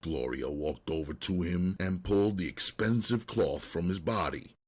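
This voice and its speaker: Very deep husky male audiobook narrator. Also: normal speed, darkish tone.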